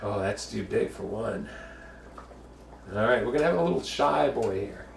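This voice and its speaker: A man's voice: lowish voice, lively intonation, normal speed, vocal fry, echoey room, far from the mic, slight background noise. A man from the Bronx, hosting a casual home cooking show, chatty and jokey with bawdy asides. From the Bronx, New York.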